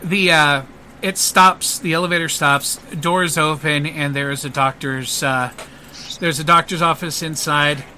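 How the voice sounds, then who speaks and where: A man narrating a tabletop role-playing game as game master. He speaks in a halting way with lots of fillers and restarts. His voice is bright and sharp and sits a little high. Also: steady tone, a little hiss or hum.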